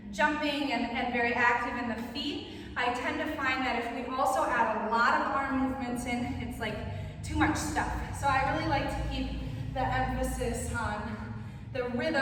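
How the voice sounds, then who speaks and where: A young woman teaching a dance routine, counting beats in rhythm and explaining the steps. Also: high-pitched. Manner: calls counts loudly over music. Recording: roomy echo, distant mic, faint noise.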